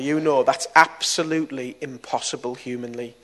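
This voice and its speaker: A middle-aged man, preaching and telling a testimony story, moving between soft and loud moments. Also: mid-range voice, brisk. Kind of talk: testimony sermon.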